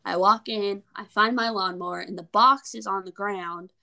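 A young woman co-hosting a podcast, telling a story in an animated, exasperated way. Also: mid-range voice, moderate pace, creaky. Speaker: podcast co-host. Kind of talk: storytelling in casual chat.

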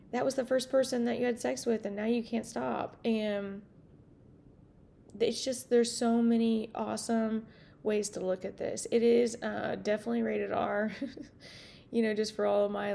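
A woman's voice: medium pitch, vocal fry, mellow. A woman hosting her podcast in a casual monologue, rambling and outspoken, swearing freely. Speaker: podcast host.

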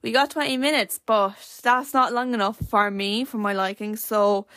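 A woman's voice: fairly high pitch, fairly even intonation, moderate pace, a bit bright, dry recording. A teenage Irish girl hosting her own podcast, rambling chattily with lots of fillers. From Ireland. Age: teens. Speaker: podcast host. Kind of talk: casual solo podcast chat.

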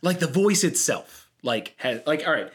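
A young man co-hosting a podcast, chatting casually and telling a story with lively slips into put-on voices. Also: a little high, normal speed. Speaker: podcast co-host. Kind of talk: casual chat.

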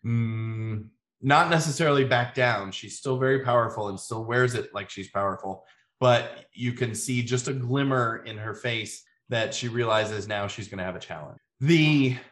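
Man, game master narrating, average pitch, calm storyteller, echoey room. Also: normal speed. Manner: calm storyteller, frequent ums.

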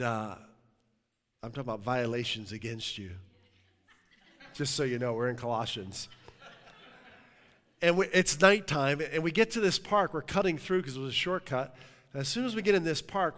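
A middle-aged man preaching a sermon as pastor, telling a story in a lively, joking way. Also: medium pitch. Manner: animated storytelling, jokes and laughs with the congregation. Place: church sanctuary. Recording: long hall reverb.

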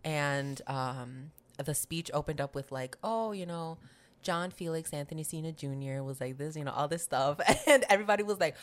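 A young woman with a low voice chats casually on a podcast. She tells stories with lots of animation and acts out the voices of the people in them. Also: normal speed. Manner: animated storyteller, mimics other people's voices, laughs often. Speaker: podcast co-host. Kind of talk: casual chat.

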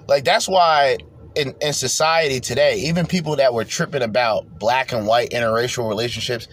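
A man hosting a podcast, ranting profanely as he reacts to video clips in bursts of loud, rambling talk. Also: mid-range voice, a little hiss or hum. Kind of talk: profane reaction commentary rant.

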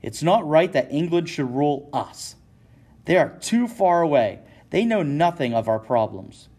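A man voicing an angry colonial merchant who shouts his indignation. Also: mid-range voice, a little slow, close to an everyday voice. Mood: furious. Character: furious colonial merchant man, hot-tempered rebel.

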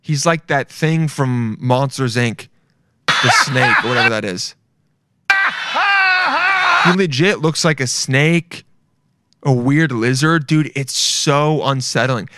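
A man's voice: medium pitch, slow pace, long pauses, heavy background noise. A young adult man hosting a podcast, rambling and swearing as he rants in a loose, casual way, often breaking into laughter. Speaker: podcast host. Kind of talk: casual solo podcast rant.

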